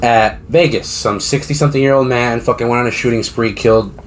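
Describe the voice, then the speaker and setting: A man's voice: mid-range voice, brisk, a little hiss or hum. A man co-hosting a podcast in casual chat, telling stories with a lot of slang and swearing. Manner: profane, animated storytelling with slang. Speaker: podcast co-host.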